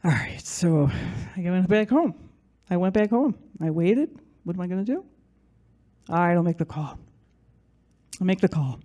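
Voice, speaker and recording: A woman's voice: mid-range voice, animated, normal speed. Chatty woman telling a story live. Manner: chatty, self-mocking, acts out other people's lines.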